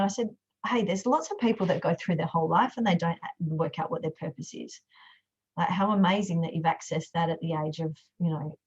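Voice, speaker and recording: A woman, a coach telling a client's story in an animated way, acting out the quotes. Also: fairly low pitch. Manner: animated storyteller, acts out quotes, fillers and restarts. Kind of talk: storytelling talk. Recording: dull lo-fi audio.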